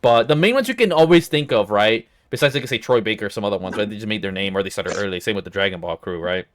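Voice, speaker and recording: A young man hosting a casual podcast chat, swearing freely and ranting with big swings in pitch. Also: animated, fast. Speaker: podcast host.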